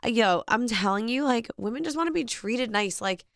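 A woman from New Jersey co-hosting a casual chat, animated and teasing, bursting into laughter. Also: fairly high pitch, brisk, gravelly, dry recording, studio quality.

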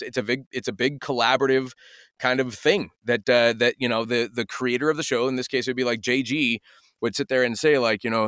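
A man's voice: mid-range voice, no room sound, studio quality. A man in his forties, a voice actor telling stories animatedly in a casual interview. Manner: animated storytelling, slips into impressions. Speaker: voice actor, guest.

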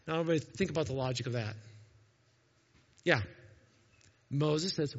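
A man preaching a sermon as a pastor, animated and jokey, talking straight to his congregation. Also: fairly high pitch, moderate pace, pauses often. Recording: echoey hall, dull lo-fi sound.

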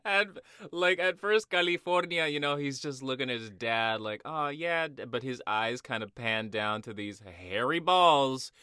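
A man's voice: medium pitch, moderate pace, sharp tone, clear, resonant tone, dry recording, studio quality. A man co-hosting a podcast, reacting to and adding to a film recap with short quips. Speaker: podcast co-host. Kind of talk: casual film recap chat.

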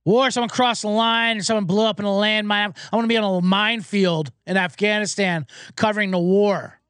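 A man voicing a brisk woman TV news reporter off to cover a war, in a breezy, matter-of-fact way. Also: high voice, steady tone, fairly bright tone, clear, resonant tone, no room sound, studio quality.

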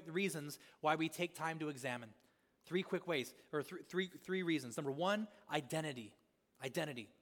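High-voiced man preaching in a reverberant hall. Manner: repetitive rhetorical questions, swings between loud and hushed. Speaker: pastor. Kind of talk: sermon.

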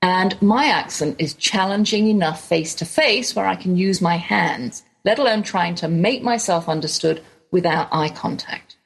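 Gravelly English woman hosting a show. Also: on the low side, normal speed, hardly any pauses, low-quality recording. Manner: chatty, animated anecdote telling. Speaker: radio show host. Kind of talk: casual storytelling monologue.

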